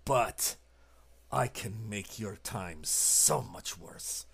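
A game master voicing a cruel, menacing man who tortures his captive, speaking low, quiet and threatening. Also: expressive, drawn-out words, vocal fry, slightly rough, heavily acted.

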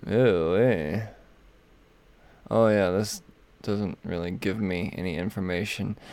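A man with a gravelly, rough-edged voice, talking casually and swearing freely on a solo comics podcast. The sound is dry and close, with no room around it. He rambles from one release to the next in an offhand way. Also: medium pitch, darkish tone, no room sound. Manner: loose, profane and rambling, sipping vodka. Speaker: comic book podcast host.

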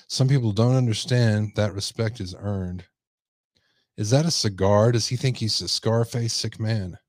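A man's voice: lowish voice, darkish tone, no room sound. A man hosting a livestream commentary show, talking casually and rambling as he reads viewer comments. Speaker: host.

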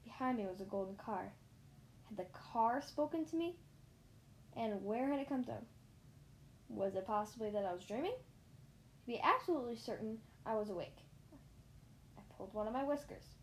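A woman narrating a children's story in the first person, lively, with small slips and restarts. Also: on the high side, moderate pace, pauses often, slight background noise. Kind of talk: reading a children's story aloud.

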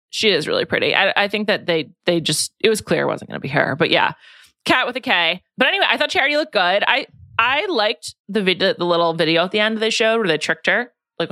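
Woman, podcast host, casual chat, animated, dry close mic. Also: on the low side, no echo. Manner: chatty, quick to laugh.

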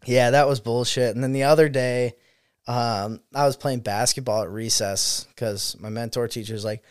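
A man's voice: medium pitch, moderate pace, smooth, dry recording, clean studio sound. A young man, a student teacher, telling stories in a casual chat, swearing freely and laughing as he goes. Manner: profane, laughing, animated storyteller.

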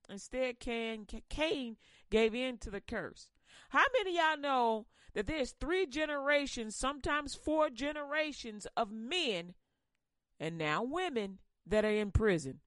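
A woman preaching a casual sermon in slang, animated and quick to laugh. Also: high-pitched, dry recording.

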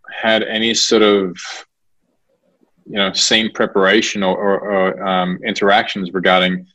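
A man with a lowish voice talks through a casual interview, halting often, repeating words and filling pauses. The recording sounds muffled and lo-fi, with the top end rolled off. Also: a bit bright. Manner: hesitant, many restarts and fillers. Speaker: actor being interviewed. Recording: dull lo-fi recording.

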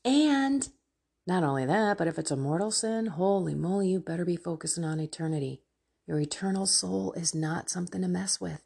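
A woman podcast host leading an earnest, fervent spoken prayer, pleading in a breathy voice. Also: fairly low pitch, fairly quick, mellow. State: tearful.

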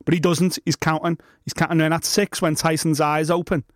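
Male co-host, slightly high voice, blunt and sweary, dry close recording. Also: little pitch movement, a little fast, dry recording. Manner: blunt and sweary, talks in a rush. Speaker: podcast co-host. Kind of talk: casual chat.

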